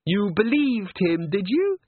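A man voicing a silly, airheaded young female singer who talks in a high, drawn-out, dismissive way. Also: wildly swooping pitch, slightly rough, dry recording, heavily acted. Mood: condescending. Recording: dry, tinny phone-like sound.

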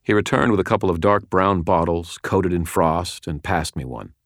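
A man reads a first-person story in a wry, deadpan way. His voice is very low and the recording is close and dry, with no room sound. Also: moderate pace, no echo. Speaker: audiobook narrator. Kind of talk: first-person scripted narration.

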